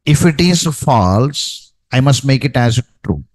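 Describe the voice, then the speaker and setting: A man's voice: mid-range voice, animated, takes it slowly, no room sound, rough recording. A man teaching a programming class, dictating code and checking in with "no?" and "okay, right". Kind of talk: live coding lesson.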